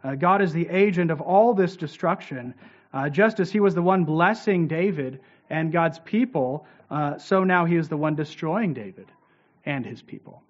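A man teaching a lecture on scripture, reading verses aloud and explaining them with emphasis, often checking in with "right?". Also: on the high side. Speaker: Bible teacher. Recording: dull lo-fi recording.

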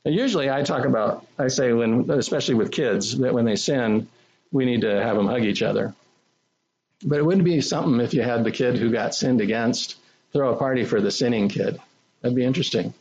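A man preaching a sermon in a conversational, animated way, often acting out what people say. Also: mid-range voice, brisk, husky. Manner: conversational, animated, acts out quoted speech. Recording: dull lo-fi recording.

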